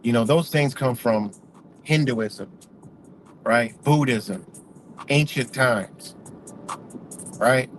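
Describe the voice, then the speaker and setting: A man's voice: mid-range voice, extremely slow, pauses often, soft background music. A man ranting casually, heated, profane and emphatic. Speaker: vlogger.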